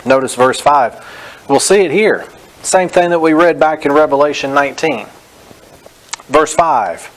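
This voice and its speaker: A man's voice: on the high side, lively intonation, poor audio. Man preaching verse by verse. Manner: teaching verse by verse, reading scripture slowly with emphasis; direct, corrective, frequent "notice". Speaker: pastor. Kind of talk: sermon.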